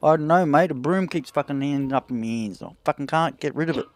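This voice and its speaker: A man's voice: a little high, fast, pitched above the performer's own voice, close to an everyday voice. A man doing a sloppy drunk Aussie bloke. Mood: rowdy. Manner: slurred, swearing constantly, loud and brash. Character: drunk rowdy Australian man on community service.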